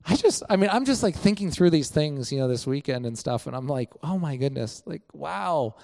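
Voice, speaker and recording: Man, casual faith talk, animated storytelling, quoted lines acted out, lots of "you know". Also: a little high, moderate pace, gravelly. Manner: many fillers like "you know". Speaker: church member sharing reflections.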